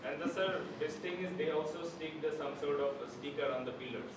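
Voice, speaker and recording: A man's voice: fairly high pitch, fast talker. A man in a workshop audience politely asking the speaker questions. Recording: distant voice over a crowd.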